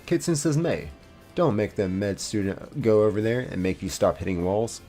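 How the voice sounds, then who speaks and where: A man's voice: fairly low pitch, lively intonation, normal speed, warm tone. A man live streaming a game, reading viewers' chat messages aloud and answering them playfully. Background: faint game music.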